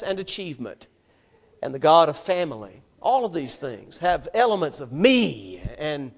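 High-voiced preacher giving an emphatic sermon. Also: male voice. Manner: emphatic, rhetorical questions to the congregation. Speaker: pastor.

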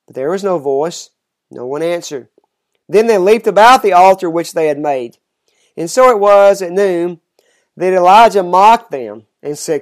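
A reader reading scripture aloud in a measured, steady way, slowing down on the solemn lines. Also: medium pitch.

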